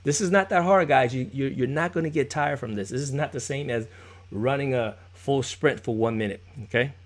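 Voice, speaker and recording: A man's voice: medium pitch, a little fast. A man teaching a live-streamed popping dance class, counting beats, encouraging his students and answering viewers in chat in a chatty way. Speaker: dance instructor.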